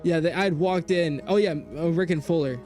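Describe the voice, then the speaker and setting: A man streaming a game, telling a story in casual chat, animated and profane, jumping between loud outbursts and low mutters. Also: moderate pace, faint music behind. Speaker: gaming streamer.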